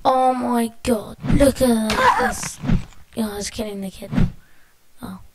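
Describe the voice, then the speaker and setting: Excitable swearing woman gamer, loud hiss. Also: on the high side, slow pace. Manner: excitable, swears often, exclaims at the game. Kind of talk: let's play commentary. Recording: loud background noise, amateur capture.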